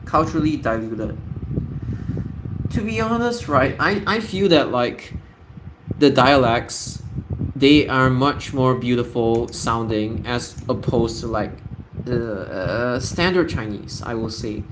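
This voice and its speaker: A man's voice: mid-range voice, lively intonation, slow pace. A young man ranting in casual commentary, blunt and profane, full of fillers and restarts. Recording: noisy background ambience.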